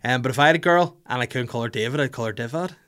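A middle-aged man with a mid-range, fairly bright voice races through a casual live chat. He's playful, laughs a lot, and swears while answering viewer comments.

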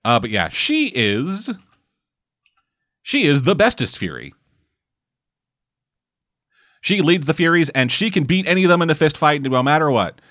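A man's voice: fairly high pitch, very animated, a little slow, pauses often, a bit bright, no echo, clean studio sound. A man hosting a casual comic book podcast, rambling and swearing freely as he talks. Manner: profane, rambling, jokey. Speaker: podcast host.

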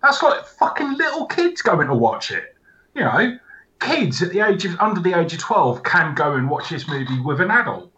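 A man's voice: high voice, sing-song, normal speed, sharp tone, highs cut off. A man on a podcast, bluntly swearing about a film in casual chat. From United Kingdom. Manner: blunt and profane. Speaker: podcast co-host.

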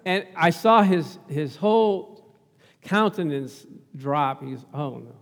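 High-voiced preaching man in a reverberant hall. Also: animated, slow. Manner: storytelling, acts out quoted voices, calls for amens. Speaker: pastor. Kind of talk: sermon with personal story.

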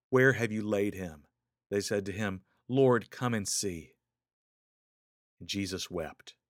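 A man preaching a sermon, rising into urgent questions and dropping to hushed, slow lines. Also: lowish voice, no room sound, studio quality. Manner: dramatic swings between raised urgent questions and soft hushed lines.

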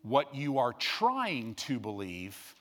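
A middle-aged male pastor preaching a sermon, dropping to hushed low asides and rising to loud peaks. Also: wildly swooping pitch, slow.

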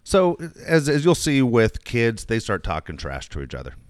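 A man's voice: medium pitch, wildly swooping pitch, moderate pace, clear, resonant tone, no echo, clean studio sound. A middle-aged man telling a long coaching story in casual chat, rambling with many restarts. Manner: rambling anecdotes with frequent restarts. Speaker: youth baseball coach.

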